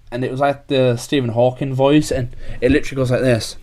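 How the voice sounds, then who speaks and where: A man's voice: mid-range voice, fairly even intonation, fairly quick, few pauses, a little mellow. A young man, chatting casually as a podcast host, rambling with lots of filler words. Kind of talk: casual chat.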